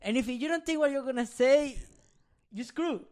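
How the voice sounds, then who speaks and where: A woman's voice: high-pitched, a little mellow. A woman with a Spanish accent, a native Spanish speaker, chatting casually on a podcast and searching for her words. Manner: halting, searches for words, laughs often. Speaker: podcast co-host. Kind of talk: casual chat.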